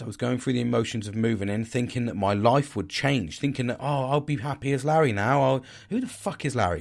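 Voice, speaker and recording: A man's voice: medium pitch, gravelly. Rambling, sweary English man. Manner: rambling, digressive, sweary, loses his thread. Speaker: podcast host. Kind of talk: casual monologue.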